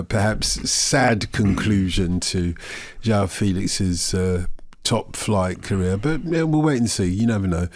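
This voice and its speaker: A man's voice: fairly low pitch, dry recording. A man hosting a casual football podcast, easygoing and jokey as he reads listener questions. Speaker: podcast host.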